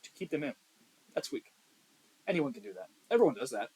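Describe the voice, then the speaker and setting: A young man co-hosting a podcast in casual chat, blunt and profane, swinging between loud emphasis and quiet asides. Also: mid-range voice, sing-song, a little fast, slightly rough, rough recording. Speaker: podcast co-host.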